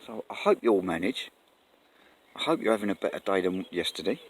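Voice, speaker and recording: A man's voice: deep voice, expressive, brisk. Earnest rambling man outdoors. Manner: rambling, earnest, self-correcting. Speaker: vlogger. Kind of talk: casual talk to camera. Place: outdoors in the countryside. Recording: faint outdoor noise, birds.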